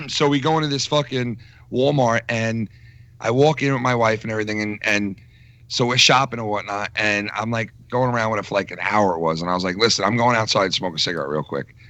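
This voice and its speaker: A man's voice: lowish voice, fairly even intonation, a little fast, bright, forceful tone, dry recording. A man from New York telling a rambling, profane story in casual chat on a podcast. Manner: profane, rambling, laughs through stories. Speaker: podcast co-host.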